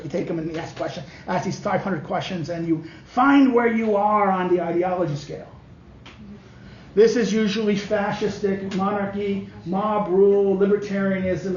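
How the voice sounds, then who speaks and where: A man, a political science professor, giving a halting classroom lecture with many restarts while walking through diagrams. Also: high-pitched, a little mellow, a little hiss or hum. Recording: muffled lo-fi lecture recording.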